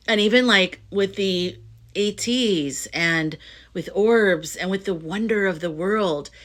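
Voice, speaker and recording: A woman's voice: mid-range voice, fairly bright tone. A middle-aged woman talking straight to her viewers in a casual spiritual monologue, rambling and earnest, full of restarts and fillers. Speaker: astrology and tarot reader.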